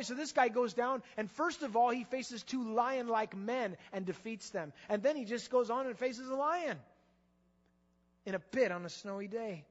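High-voiced preacher in an echoey hall. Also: male voice. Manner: animated preaching, rhetorical questions. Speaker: pastor. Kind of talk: sermon. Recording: echoey hall, slightly dull sound.

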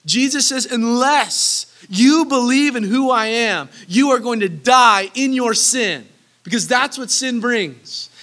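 In a very high, bright, forceful voice, a preacher works through Bible verses in an earnest, emphatic sermon. He repeats key phrases to drive them home, and his casual asides dissolve into laughter.

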